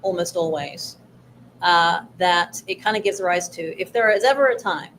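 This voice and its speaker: A woman co-hosting a workshop on pitching investors, talking in a measured, advisory way with frequent fillers. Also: a bit bright, a little hiss or hum, poor audio. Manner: measured, advisory, with many "you know" fillers. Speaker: workshop co-host.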